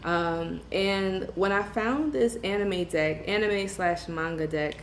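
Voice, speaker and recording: A woman from Brooklyn, hosting a tarot livestream in casual chat and greeting viewers with slangy shout-outs. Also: medium pitch, slow, slight background noise. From Brooklyn, New York. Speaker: tarot reader livestream host. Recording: echoey room with faint ambience.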